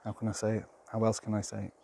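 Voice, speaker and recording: A man's voice: fairly low pitch, monotone, very fast, vocal fry, warm tone, slight background noise. A man talking to camera outdoors in a rambling, plain-spoken, exasperated monologue of his opinions. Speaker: vlogger.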